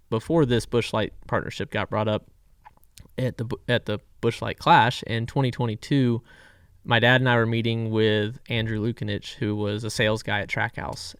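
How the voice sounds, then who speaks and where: Guest driver: man in his thirties from Florida, candid and relaxed, mid-pitched voice, dry close mic. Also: clean tone, no room sound. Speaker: guest race car driver. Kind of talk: casual storytelling.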